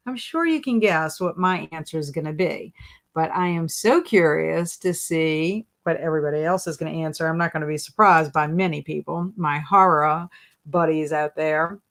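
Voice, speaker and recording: A woman's voice: fairly low pitch, fairly bright tone. A young adult woman hosting a casual live stream at home, reading viewer comments aloud and answering them playfully, often laughing. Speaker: livestream host.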